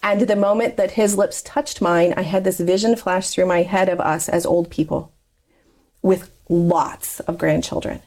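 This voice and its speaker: A woman's voice: on the low side, fairly even intonation, measured pace, darkish tone. A woman in her forties telling her life story in an interview, chatty and candid, laughing often as she talks. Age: 40s. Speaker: interview guest. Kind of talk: personal life story in conversation.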